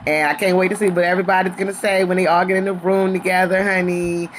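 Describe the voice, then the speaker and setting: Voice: mid-range voice, flat delivery, fast talker, a little hiss or hum. A reality show reviewer recapping an episode in a sassy, chatty way, calling listeners honey and girl.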